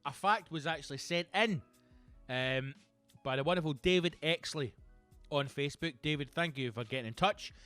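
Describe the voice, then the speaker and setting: A man with a Glaswegian accent, a comedian hosting his own show, delivering a profane, animated comic monologue. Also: on the high side, normal speed, no room sound, soft background music. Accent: Scottish, Glaswegian. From Scotland. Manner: animated, sweary, acts out characters. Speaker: comedian and podcast host.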